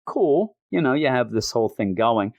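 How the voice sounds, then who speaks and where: A man's voice: mid-range voice, big pitch swings, moderate pace, vocal fry, darkish tone, dry recording, lo-fi sound. Wry rambling man recapping a comic. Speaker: comic review host. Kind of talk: casual comic book recap.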